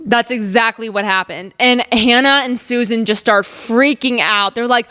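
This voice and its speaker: A woman's voice: a little high, normal speed, few pauses, fairly bright tone, clean tone. A young woman hosting her own podcast, talking casually and upbeat with lots of "like" and "um", sharing faith and life updates. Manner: chatty, upbeat, lots of "like" and "um", laughs while telling stories. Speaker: podcast host.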